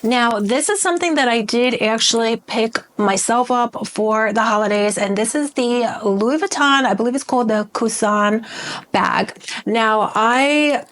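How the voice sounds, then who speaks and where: A woman's voice: on the high side, measured pace, fairly bright tone. A middle-aged woman vlogger telling a story to camera in a chatty, rambling way, full of fillers and restarts.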